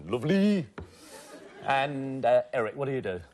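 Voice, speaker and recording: A man's voice: mid-range voice, very animated, normal speed. A man hosting a game show, teasing contestants with jokes and frequent laughter. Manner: teasing, jokey, laughs often. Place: TV studio with live audience. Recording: loud studio audience and hum.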